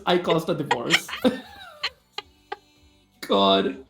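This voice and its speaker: A woman's voice: mid-range voice, sing-song, takes it slowly, creaky, music in the background. A woman teasing her co-host in casual chat on a live stream. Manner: teasing, laughs often. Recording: roomy echo.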